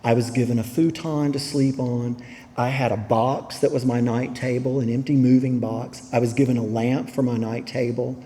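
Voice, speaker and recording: Mellow man telling his story. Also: mid-range voice, steady tone, moderate pace, in a large hall. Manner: candid, humorous, drawling storytelling. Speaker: recovery meeting speaker. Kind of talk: personal testimony to an audience. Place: meeting hall.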